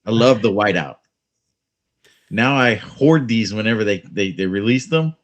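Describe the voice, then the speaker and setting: A man's voice: on the low side, lively intonation, unhurried. A man co-hosting a casual chat show over a remote call, chatty and joking. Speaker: podcast co-host.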